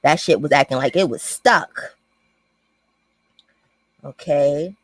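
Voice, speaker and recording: A woman's voice: low voice, takes it slowly, no room sound, low-quality recording. A woman hosting a casual livestream, greeting viewers by name and commenting bluntly with plenty of profanity. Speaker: livestream host.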